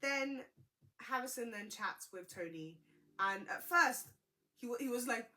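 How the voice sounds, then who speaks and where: Young woman, gossipy reality-show recap host, crisp bright tone. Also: a little high, normal speed. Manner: chatty, gossipy, expressive.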